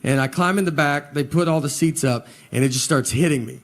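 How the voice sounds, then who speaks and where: A man, telling stand-up stories in a drawling, deadpan way before a laughing audience. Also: on the high side, a little fast. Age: 40s. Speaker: stand-up comedian. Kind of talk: stand-up comedy set. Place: live venue with laughing audience.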